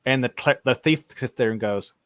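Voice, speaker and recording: A man narrates a tabletop game as game master, tripping over and repeating his words. His voice sits at a middling pitch. It is recorded dry, with no room sound. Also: fairly quick, a bit bright, dry recording.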